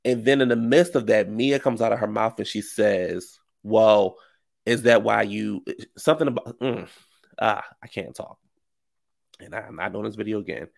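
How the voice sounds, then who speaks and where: A man with a low, gravelly voice, rambling through casual gossip commentary. He talks in a chatty, slangy way and breaks off into asides. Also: moderate pace. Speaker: commentary vlogger.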